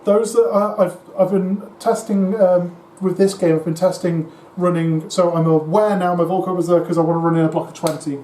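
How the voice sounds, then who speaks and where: A man with a high, warm, steady voice co-hosts a tabletop wargame battle report at a moderate pace. He chats casually in a weary, rambling, self-deprecating way. The room is echoey with a faint hiss.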